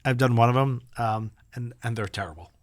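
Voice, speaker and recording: A man's voice: mid-range voice, fairly quick, dry recording, studio quality. A man who does stand-up, telling rambling, profane stories in a casual podcast chat. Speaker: stand-up comedian.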